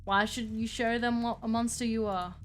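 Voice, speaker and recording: A woman's voice: a little high, steady tone, normal speed, faint music behind, lightly acted. A woman voicing a patient male cowboy therapist, with a put-on American Western accent and a folksy, reassuring way of talking.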